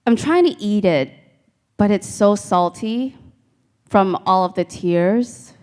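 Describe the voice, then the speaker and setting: A woman performing a stand-up comedy set on a live stage, telling deadpan stories and talking to the crowd. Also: medium pitch, takes it slowly. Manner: deadpan storytelling with crowd asides.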